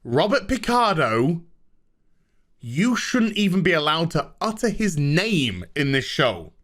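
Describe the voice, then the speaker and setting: Sarcastic, lively ranting man. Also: a little high, slow pace. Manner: sarcastic, dismissive, animated. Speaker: show reviewer. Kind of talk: ranting TV review.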